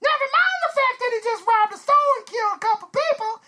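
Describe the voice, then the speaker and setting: A man doing a shrill, mocking activist. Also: fast talker, sharp tone, full character voice. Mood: mocking outrage. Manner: sarcastic, whiny, mocking.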